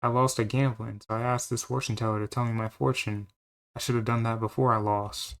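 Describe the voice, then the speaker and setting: A man's voice: medium pitch, little pitch movement, brisk, close to an everyday voice. A man voicing a carefree, lazy young male cowboy in a fan-dubbed game, laid-back and easygoing.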